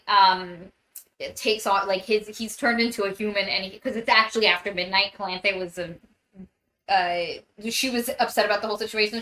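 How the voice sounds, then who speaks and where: A woman's voice: mid-range voice, bright, forceful tone. A woman co-hosting a casual book club podcast, retelling a story loosely with lots of fillers. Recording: roomy echo.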